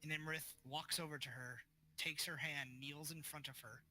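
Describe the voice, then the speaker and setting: Bright-voiced man running a tabletop game. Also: a little high, steady tone, moderate pace, a little hiss or hum. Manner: casual, filler-heavy narration with voiced characters. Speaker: game master.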